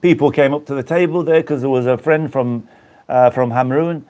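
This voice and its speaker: A man's voice: medium pitch, fairly even intonation, moderate pace, darkish tone. A man from the Black Country of England, hosting a casual live stream and chatting in a rambling way with viewers he greets by name.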